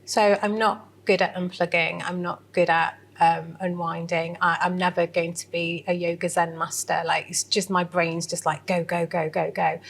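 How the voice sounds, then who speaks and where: A woman's voice: on the low side, flat delivery, moderate pace, gravelly, few pauses, fairly bright tone. A woman giving a candid interview, talking animatedly with lots of fillers and restarts. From England. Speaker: interview guest. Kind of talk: casual interview.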